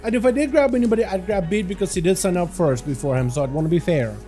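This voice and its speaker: A man born in Russia, a native Russian speaker, chatting loosely with his livestream audience as its host, full of fillers and quick to laugh. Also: high voice, warm tone, faint music behind. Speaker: game streamer. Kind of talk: casual livestream chat.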